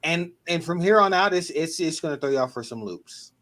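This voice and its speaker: A man hosts a relaxed geek-culture chat with a voice that swoops and leaps. He acts out his own reactions as little quoted scenes. His delivery is lively and expressive throughout. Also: fairly high pitch, normal speed. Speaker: podcast host. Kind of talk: casual chat.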